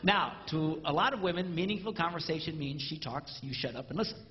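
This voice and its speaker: A man doing a stand-up comedy routine, animated and acting out spouses in mimicked voices. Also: on the high side, brisk, noisy background. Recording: roomy live hall, dull lo-fi sound.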